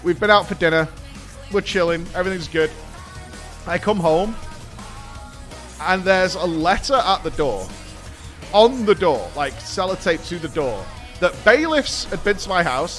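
A British man in his thirties hosting a podcast, telling a story in a casual, animated way and swearing freely. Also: a little high. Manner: animated, swears, laughs while telling stories. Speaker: podcast host.

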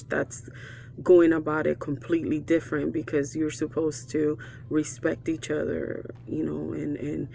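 A woman's voice: low-pitched, darkish tone. A woman vlogger talking candidly and earnestly about her own marriage, reflective and full of restarts. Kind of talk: candid personal talk.

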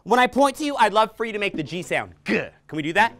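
A woman in her thirties teaching young children letter sounds in a library, playful and animated, making silly sounds and growls for them to copy. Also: mid-range voice, quick pace. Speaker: children's entertainer. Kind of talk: interactive children's phonics lesson. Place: public library room with children. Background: faint ukulele.

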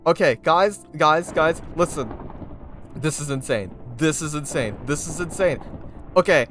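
A man in a Minecraft roleplay, excitable and laughing, trying to calm his friends. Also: fairly high pitch, unhurried, soft background music. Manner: excitable, laughing, repeating words to calm others. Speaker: roleplay host. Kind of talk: Minecraft roleplay, in character as leader.

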